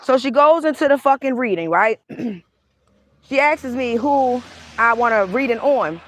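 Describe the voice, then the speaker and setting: A woman's voice: on the high side, animated, measured pace, fairly bright tone. Heated, profane woman telling a story. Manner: heated, profane, acts out both sides of the argument. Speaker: tarot reader. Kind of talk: casual storytime rant.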